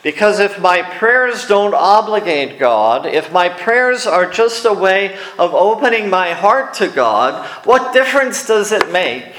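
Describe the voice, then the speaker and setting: A man preaching a sermon, telling wry personal stories and slipping into quiet asides, recorded in a church hall. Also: sits high, very animated, a little slow, few pauses, a little hiss or hum. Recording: echoey room.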